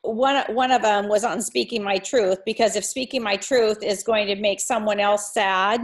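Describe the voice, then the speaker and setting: Halting, reflective woman on a video call. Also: mid-range voice, steady tone. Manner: halting and reflective, many restarts. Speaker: coaching group participant. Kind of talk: casual chat.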